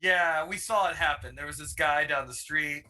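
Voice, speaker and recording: A man's voice: a little high, moderate pace, pushed and bright, rough recording. A man joking around as a player at a tabletop game. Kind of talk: casual tabletop play.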